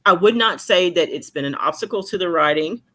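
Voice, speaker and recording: A woman's voice: lowish voice, brisk. A woman in her forties, a romance author chatting as an interview guest, telling stories and acting out the voices of others over a video call. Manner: animated storyteller, acts out voices of others. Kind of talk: casual interview chat.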